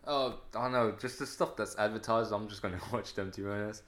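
A man's voice: fairly low pitch, steady tone, fairly quick, a bit bright. A young man chatting casually, laid-back and agreeable, with lots of hesitant fillers. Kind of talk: casual chat.

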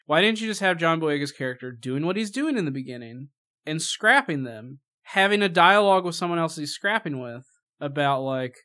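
A man's voice: a little high, normal speed. Mocking man griping about a film. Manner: mocking, animated, swears freely. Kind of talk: casual movie review chat.

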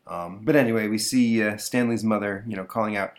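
A man's voice: on the low side, steady tone, brisk. A man hosting a podcast, chatting casually through an old comic book with lots of fillers. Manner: rambling, lots of fillers and restarts. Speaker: podcast host.

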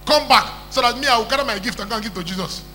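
A man preaching, voicing a scheming king giving orders in a quick, plain retelling. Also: extremely high pitch, pushed and bright, soft background music, exaggerated voice.

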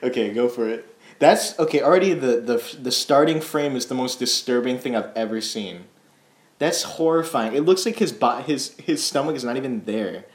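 A young man co-hosting a casual podcast, excitable and laughing often, stumbling over his words. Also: mid-range voice, moderate pace. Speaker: podcast co-host. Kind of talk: casual chat. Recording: roomy echo.

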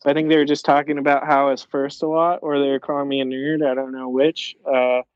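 A man's voice: medium pitch, level tone, quick pace, clean tone, dry recording, muffled recording. Young man, casual storyteller, rambling, profane, dry close sound. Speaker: storyteller in a casual podcast chat. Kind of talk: casual chat.

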